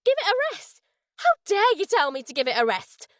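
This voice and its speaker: A woman voicing a fiery young female opera singer shouting in a rage, in a storybook reading. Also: animated, slow, dry recording, studio quality. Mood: furious. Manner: shrill shouting.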